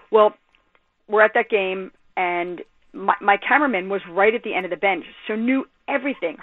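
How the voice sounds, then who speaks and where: A woman sports journalist, a guest telling stories on a radio show in an animated, emphatic way. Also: medium pitch. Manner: animated storyteller, lively and emphatic. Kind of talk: phone-in radio interview. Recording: tinny phone line.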